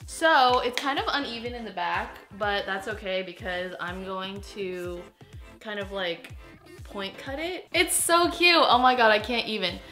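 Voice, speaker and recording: A young woman vlogging casually in front of a mirror, excitable and gushing, often gasping and exclaiming. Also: mid-range voice, measured pace. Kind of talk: casual vlog chat. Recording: roomy echo with faint background music.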